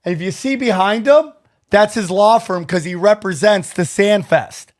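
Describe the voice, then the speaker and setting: Excitable high-voiced male podcast host. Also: normal speed, no room sound, studio quality. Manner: excitable, swearing, acts out both sides of conversations. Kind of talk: casual chat, storytelling.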